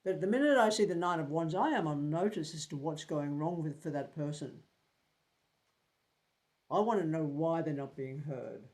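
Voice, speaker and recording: A man's voice: a little high, animated, moderate pace, a little mellow. A man in his seventies teaching a tarot group in a casual, blunt way, swearing freely and repeating words while he thinks. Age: 70s.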